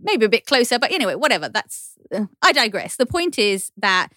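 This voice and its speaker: A woman's voice: fairly high pitch, very animated, brisk, sharp tone, no room sound, clean studio sound. A British woman, a guest podcast host, chatting casually and laughing often. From United Kingdom. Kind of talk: casual chat.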